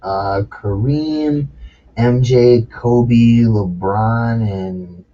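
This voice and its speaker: Drawing out his words in a warm, medium-pitched voice, a man hosts a relaxed podcast conversation full of swearing and frequent laughs. The sound quality is dull and lo-fi.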